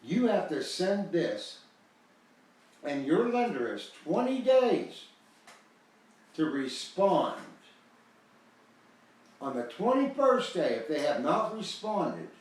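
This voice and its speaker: A man's voice: a little high, sing-song, takes it slowly, pauses often, recorded from a distance. Older man rambling emphatically in an echoey room. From United States. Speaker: host selling a foreclosure guide. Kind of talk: casual promotional talk.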